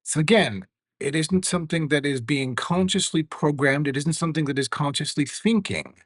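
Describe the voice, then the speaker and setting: Earnest man explaining, slightly higher voice. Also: no echo. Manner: measured, earnest, some fillers. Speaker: teacher demonstrating AI tools. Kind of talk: explanatory lesson with live demo.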